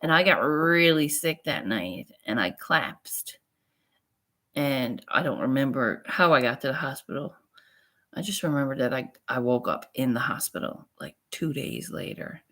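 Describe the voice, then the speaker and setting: A woman's voice: rumbling low, expressive, normal speed, sharp tone. A woman vlogger telling a personal story in a frank, rambling, profane way. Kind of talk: casual storytelling vlog.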